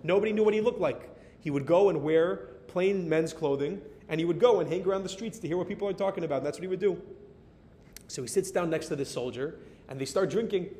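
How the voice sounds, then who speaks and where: American guy spinning a story in a sermon, higher voice, lively, echoey hall with a low rumble. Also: fast talker. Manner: animated storyteller dropping in Hebrew and Yiddish words. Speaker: Torah teacher. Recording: reverberant hall with faint rumble.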